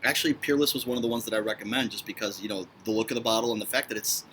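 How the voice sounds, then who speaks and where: A man's voice: lowish voice, racing, a bit bright, a little hiss or hum. A man with a Chicago accent, a guest on a casual whiskey review, talking in an enthusiastic, chatty way. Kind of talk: casual tasting review chat.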